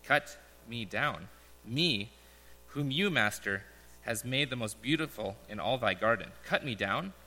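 A man voicing a proud male bamboo plant in a read-aloud parable, pleading in a low, trembling voice. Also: lively intonation, measured pace, sharp tone. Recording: echoey large hall.

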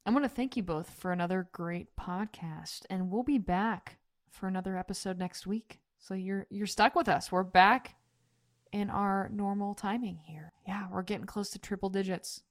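A woman hosting a casual podcast, upbeat and quick to laugh. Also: medium pitch. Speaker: podcast host.

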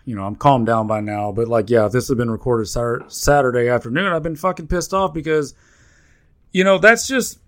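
A man's voice: mid-range voice, fairly quick. A man co-hosting a sports podcast, talking in a heated, profane rant full of restarts. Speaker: podcast co-host. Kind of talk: casual sports betting podcast chat.

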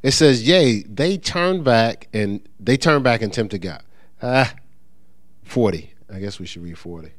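A middle-aged man delivering a relaxed, conversational sermon, his pitch rising and dropping in lively swings as he builds a point. He reads scripture slowly, then breaks into quick, restarting explanation. The sound is dry and close, with no room echo. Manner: conversational, animated, with many restarts and sports anecdotes. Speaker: preacher. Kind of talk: informal sermon with scripture reading.

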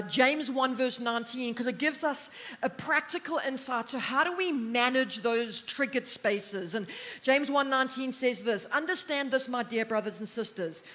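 A woman's voice: high voice, a bit bright. A middle-aged South African woman, a counselor, preaching a sermon in a conversational way with personal stories and joking asides. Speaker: pastor's wife and counselor.

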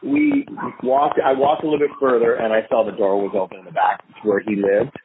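A man calling in as a guest, telling a story with animated energy and acting out what other people said. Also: lowish voice, a little fast. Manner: animated, acts out other people's lines in a raised voice. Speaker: guest filmmaker. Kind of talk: storytelling in a phone-in interview. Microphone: phone call. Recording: tinny phone line with faint hiss.

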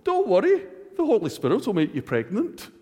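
A preacher voicing the angel Gabriel, breezy. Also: male voice, high voice, huge pitch swings, a little slow, dark tone, exaggerated voice. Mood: offhand. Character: angel Gabriel, big, trying to calm. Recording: long church hall reverb.

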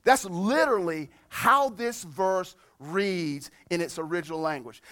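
High-voiced emphatic preaching pastor. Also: male voice. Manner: emphatic preaching, slows and rises on scripture, drops soft on reflection. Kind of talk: sermon.

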